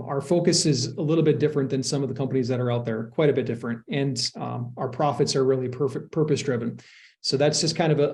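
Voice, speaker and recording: A man's voice: mid-range voice, darkish tone. A man who is a real estate investment sponsor, answering interview questions earnestly, explaining at length with frequent restarts.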